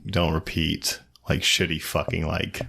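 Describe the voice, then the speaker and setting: A man's voice: extremely low pitch, level tone, measured pace, vocal fry, bright, forceful tone, slightly rough. A young adult man co-hosting a podcast in casual chat, rambling with many fillers and some swearing. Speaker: podcast co-host.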